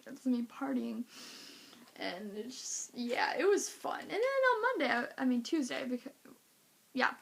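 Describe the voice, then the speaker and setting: A woman with a high voice tells a story to her camera in a casual vlog. She is animated and acts out each reaction, scattering "like" through her sentences. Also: measured pace, gravelly. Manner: animated, acting out reactions, lots of "like". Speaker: vlogger.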